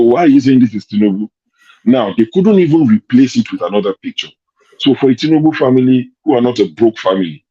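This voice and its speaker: A man's voice: medium pitch, dark tone, breathy edge, highs cut off. A man hosting a casual political commentary show, arguing his points with rhetorical questions over a remote call. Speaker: show host.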